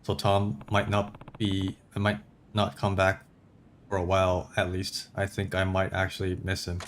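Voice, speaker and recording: A man streaming a game and commenting casually, in a relaxed, offhand way. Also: low voice, a little slow, slight background noise.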